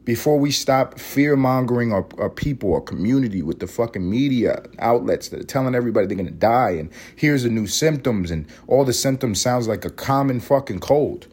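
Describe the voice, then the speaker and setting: Sick, husky-voiced young man ranting profanely. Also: mid-range voice, lively intonation, brisk, hardly any pauses, a little mellow. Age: young adult. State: sick with a cold, sniffly and congested. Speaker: podcast host. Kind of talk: casual solo podcast rant.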